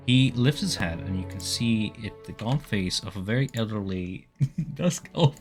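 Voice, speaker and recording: A man's voice: on the low side, expressive, measured pace, soft background music. A man narrating a tabletop game as game master, describing scenes with some hesitations.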